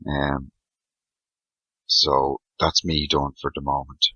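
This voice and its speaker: Male co-host, very low husky voice, dry muffled recording. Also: flat delivery, slow pace, sharp tone, no echo. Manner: chatty storyteller, laughs often. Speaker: podcast co-host. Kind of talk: casual chat. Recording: slightly muffled lo-fi audio.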